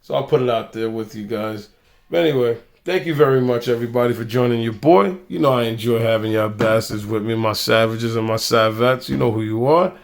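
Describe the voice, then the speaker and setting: A man's voice: mid-range voice, fairly quick, creaky. A young man hosting a casual vlog, loose and rambling, telling stories with plenty of swearing. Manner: loose, rambling, profane storyteller. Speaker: channel host.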